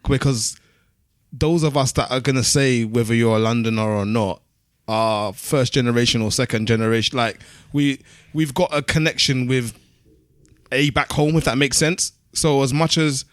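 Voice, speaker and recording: A man's voice: mid-range voice, steady tone, moderate pace, dry recording, clean studio sound. A man from Canterbury co-hosting a podcast, explaining his view in thoughtful casual chat. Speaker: podcast co-host.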